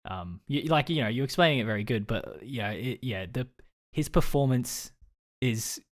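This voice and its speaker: A man's voice: medium pitch, lively intonation, normal speed. A male podcast co-host in casual chat, talking hesitantly with plenty of fillers.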